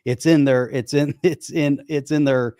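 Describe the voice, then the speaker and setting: A man at an average pitch talks bluntly and emphatically in casual podcast chat. He hammers his points with restarts and repetition. The sound is dry, with no room echo. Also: fairly even intonation, a little slow, mellow, clean tone. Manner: blunt, emphatic, repeats himself. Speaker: podcast co-host.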